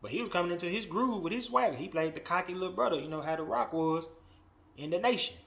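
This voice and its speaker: A wrestling podcast host with a high-pitched voice and vocal fry talks fast through a blunt, profane, animated rant of opinions. He swings between muttering and loud outbursts.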